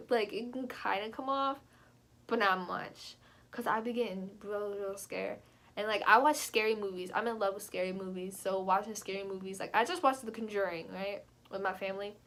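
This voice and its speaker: A young adult woman telling a personal story in a casual vlog, animated and chatty, leaping up in pitch when she quotes herself. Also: moderate pace. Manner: animated, jumps high when quoting herself; chatty, frequent fillers. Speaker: vlogger.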